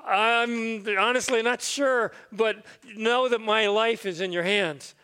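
A man's voice: sits high, steady tone, slow, bright, forceful tone, smooth, exaggerated voice. A pastor voicing a desperate man hanging from a rope, pleading insistently, in a sermon story.

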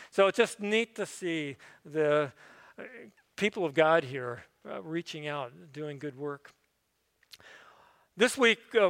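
Middle-aged male pastor, folksy sermon delivery, fairly high bright voice, long church reverb. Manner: folksy, conversational with frequent fillers. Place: church sanctuary.

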